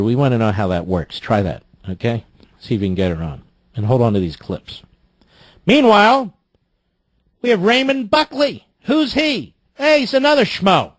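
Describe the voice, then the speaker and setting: A man hosting political talk radio from a studio mic, indignant and mocking, cutting in with sharp outbursts. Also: lowish voice, no echo. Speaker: radio talk show host. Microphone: studio microphone.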